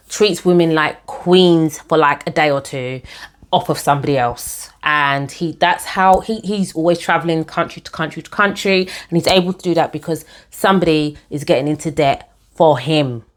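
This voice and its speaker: A young woman telling her own story to camera in a chatty, animated way, often calling her viewers guys. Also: low-pitched, moderate pace.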